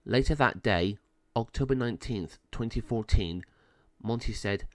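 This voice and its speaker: A man narrating a children's storybook aloud with expressive delivery. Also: on the low side, normal speed, no echo. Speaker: storybook reader.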